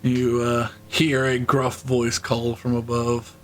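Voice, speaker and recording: A man narrating a tabletop game as game master, halting with many fillers, often clearing his throat and laughing. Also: mid-range voice, completely flat delivery, slight background noise, rough recording.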